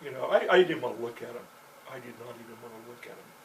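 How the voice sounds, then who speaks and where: Man, mid-pitched, meandering profane storyteller full of fillers; recorded from afar with light background noise. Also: expressive, fast. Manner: meandering, profane, constant "you know" fillers. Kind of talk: rambling personal storytelling monologue. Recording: distant mic with faint background noise.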